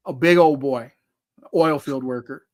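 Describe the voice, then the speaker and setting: A man's voice: medium pitch, unhurried, a little mellow. A man, likely in his forties, telling rambling self-deprecating stories as a guest on a video call. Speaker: author guest. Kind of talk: casual storytelling on a live chat.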